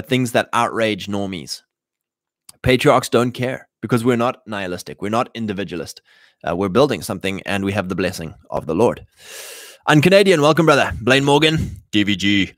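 A man's voice: fairly low pitch, no echo, clean studio sound. A man hosting a livestream, talking in a loose monologue full of restarts and fillers. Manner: rambling, many fillers and restarts. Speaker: show host.

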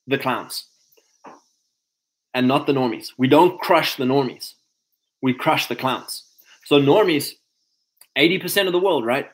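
A man talks to a group of men in a casual motivational style, his voice sitting a little high for a man. He speaks conversationally, repeats lines for emphasis and slips into quick acted-out quotes of what people say. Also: fairly bright tone, poor audio.

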